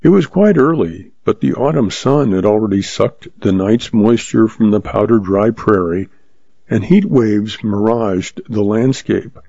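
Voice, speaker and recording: A man reads a western story aloud at a steady, unhurried pace. His low voice is gravelly and dark. The recording is dull and completely dry. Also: no echo. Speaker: narrator. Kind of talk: audiobook narration of a western.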